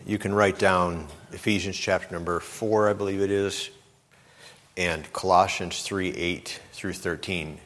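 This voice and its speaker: A middle-aged preacher with a very deep voice talks through his sermon casually, a little slowly, repeating himself and performing the lines of people he quotes. Long reverb from a big hall trails after his words.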